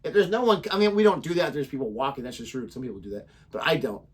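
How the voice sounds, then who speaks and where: Husky joking man. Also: mid-range voice, very animated, very fast. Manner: joking, rambling, laughs often. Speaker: reaction channel co-host. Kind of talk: casual chat.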